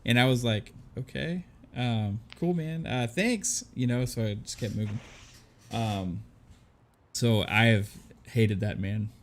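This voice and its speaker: A man's voice: medium pitch, takes it slowly, a little hiss or hum. A married man telling a story in casual chat, laid-back, stumbling over words and swearing. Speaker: podcast panelist.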